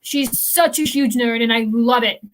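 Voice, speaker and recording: A young woman talks in a loose, rambling way, full of ums and restarts. Her voice sits a little high. She sounds like a co-host in a relaxed chat. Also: moderate pace, a little hiss or hum. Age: young adult. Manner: rambling, many fillers and restarts. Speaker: podcast co-host. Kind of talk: casual chat.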